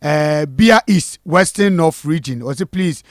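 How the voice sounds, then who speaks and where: A man's voice: fairly high pitch, animated, takes it slowly, dry recording, clean studio sound. Ghanaian man reading viewer messages live. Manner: reads out names and messages, mixing Twi and English. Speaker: host reading viewer comments. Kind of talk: live election-night studio talk. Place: studio.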